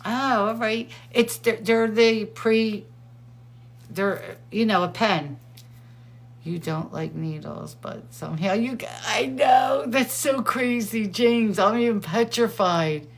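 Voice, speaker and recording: A middle-aged woman hosting a show, chatting casually and excitedly, laughing often. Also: mid-range voice, takes it slowly. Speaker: host. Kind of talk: casual chat.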